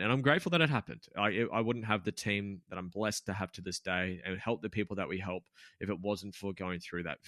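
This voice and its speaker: A gym owner in his twenties, appearing as a podcast guest, tells a candid story in a casual interview, swearing a lot and full of fillers and restarts. His low voice sounds pushed and bright, recorded with studio quality and no echo.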